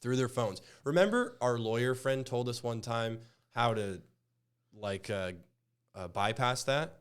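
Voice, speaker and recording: A man's voice: medium pitch, expressive, a little slow, smooth. A man hosting a casual news podcast, talking in a rambling, loose way with frequent chuckles. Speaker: host.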